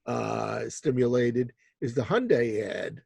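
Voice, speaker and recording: Dark husky-voiced male host. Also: mid-range voice, no echo. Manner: measured, asks guests questions. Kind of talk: panel discussion moderating.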